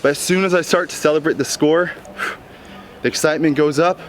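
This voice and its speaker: A man telling personal stories in a reflective vlog, earnest, moving between calm musing and bursts of excitement, recorded outdoors in a park. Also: on the high side, a little fast, slight background noise. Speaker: vlogger. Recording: music playing over the voice.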